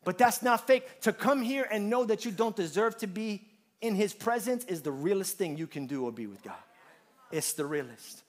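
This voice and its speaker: A man preaching a sermon, moving from quiet, humorous storytelling to loud, rising preaching. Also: high voice, animated, normal speed. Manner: humorous, conversational asides. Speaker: pastor.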